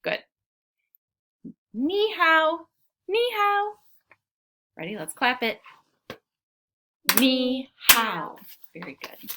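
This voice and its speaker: Young woman teacher, animated storybook reading for kids, unhurried and sing-song. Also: extremely high pitch, slight background noise. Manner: expressive, lively, slows to sound out words. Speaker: children's teacher reading aloud. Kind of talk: storybook read-aloud lesson for children.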